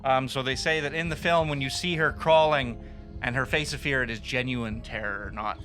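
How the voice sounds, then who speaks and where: A man's voice: mid-range voice, steady tone, normal speed, bright, forceful tone, soft background music. A man hosting a casual movie review podcast, chatty, laughing often and swearing freely. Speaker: podcast host.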